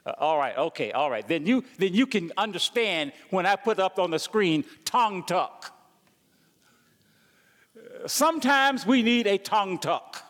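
A man's voice: high-pitched, sing-song, a little slow, fairly bright tone, big-room sound. A man preaching a sermon as pastor, stumbling and repeating words as he goes and asking the congregation questions.

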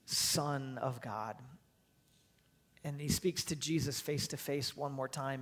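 A man preaching a sermon as pastor to his church, emphatic and driving his points home with repeated phrases. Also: fairly high pitch. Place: church sanctuary. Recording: long hall reverb.

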